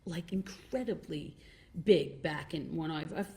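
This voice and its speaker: A woman's voice: deep voice, a little slow, creaky, a little mellow. A woman singer guesting on a comedy podcast, chatting in a bubbly, gushing way and giggling often. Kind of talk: casual chat. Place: basement studio.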